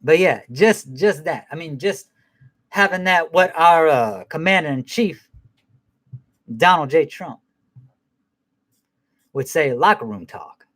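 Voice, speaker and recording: A man's voice: fairly high pitch, lively intonation, takes it slowly, long pauses, fairly bright tone. A man hosting a casual film review chat, rambling and swearing freely, with many restarts and "man" thrown in. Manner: laughs at his own jokes.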